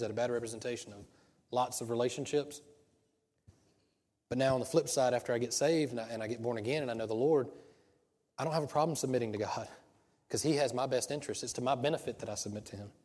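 A man's voice: medium pitch, a little mellow, in a large hall. A pastor preaching a sermon in a conversational way, asking rhetorical questions and restarting his sentences.

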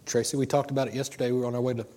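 A man's voice: mid-range voice, little pitch movement, racing, dark tone. Middle-aged man preaching, rambling storyteller. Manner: rambling, personal storytelling with frequent restarts. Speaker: pastor. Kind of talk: informal sermon.

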